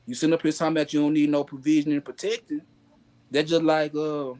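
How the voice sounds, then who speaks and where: A man, chatting casually as a host with animated, slangy storytelling. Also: a little high, quick pace. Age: adult with a daughter. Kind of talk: casual chat.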